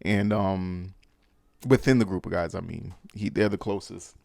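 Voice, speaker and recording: A man's voice: sits low, fairly even intonation, measured pace, vocal fry, a little mellow, no echo. A man hosting a podcast, recapping a film in a loose, slangy way with lots of fillers and restarts. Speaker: podcast host. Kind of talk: casual movie recap.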